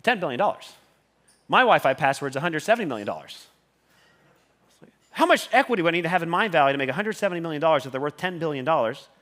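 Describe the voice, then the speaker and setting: A man giving a motivational talk on a conference stage. He swears constantly and keeps surging in volume when he gets excited. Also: a little high, quick pace, long pauses. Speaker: conference speaker.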